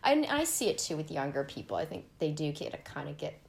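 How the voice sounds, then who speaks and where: A woman's voice: low voice, very animated, brisk, creaky, a little hiss or hum. A woman in casual chat, talking freely and often laughing as she acts out things her younger self would say.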